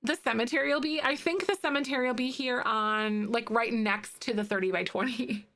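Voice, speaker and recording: A woman from northern Wisconsin speaks with a Midwestern American accent, casually chatting and laughing often with viewers on a live stream while she builds. Her voice is on the high side, a bit bright, and a little fast.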